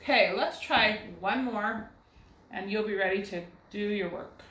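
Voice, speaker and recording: Speaking unhurriedly with a medium-pitched, fairly bright tone, a woman teaches a first grade phonics lesson. She sounds out words patiently, syllable by syllable, and asks rhetorical questions to guide young students. The low-quality recording is reverberant with a little hiss or hum.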